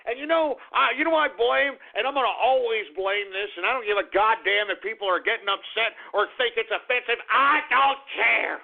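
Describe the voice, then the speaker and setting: A man hosting a call-in radio show, ranting in a profane, exasperated way that swings from muttering to shouting. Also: extremely high pitch, moderate pace, vocal fry, hardly any pauses. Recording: tinny phone-like lo-fi sound.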